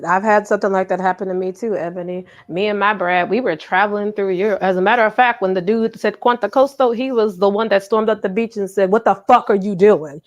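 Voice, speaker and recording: A woman's voice: mid-range voice, fairly even intonation, fast talker, few pauses. A woman panel guest sharing a personal story, earnest and reflective, acting out the voices she quotes. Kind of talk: personal storytelling in casual chat.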